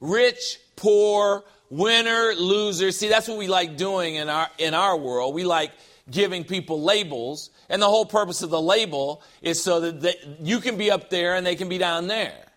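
A middle-aged man preaching a sermon, animated and full of joking asides and rhetorical questions. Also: high voice, moderate pace, few pauses. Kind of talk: sermon with humor.

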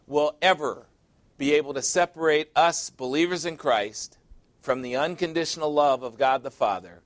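A man preaching a sermon, stressing key words and often dropping low and quiet at the end of a point. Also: no echo. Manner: emphatic, repeating phrases for stress.

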